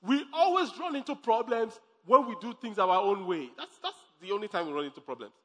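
A pastor preaching a sermon, emphatic, repeating phrases and breaking into laughs. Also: male voice, sits high, lively intonation, a little fast, sharp tone. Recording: long hall reverb.

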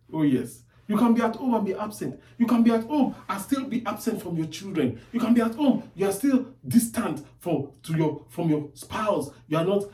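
A man preaching a sermon, emphatic, repeating his phrases and pausing for weight. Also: fairly high pitch, a little mellow, roomy sound, recorded from a distance, low-quality recording. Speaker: pastor.

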